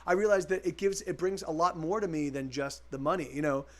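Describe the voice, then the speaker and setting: A man's voice: fairly high pitch, a little fast. A man, a musician, chatting casually with viewers during a live stream, rambling with many restarts and the odd swear word.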